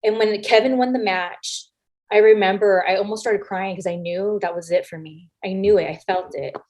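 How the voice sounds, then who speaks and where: Brief: woman in an interview, mid-range voice, frank and animated storyteller who voices the people she quotes. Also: mid-range voice, moderate pace. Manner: animated, acts out quoted lines with big voice shifts; frank, swears casually. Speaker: interview guest, former wrestler. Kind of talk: casual storytelling anecdotes.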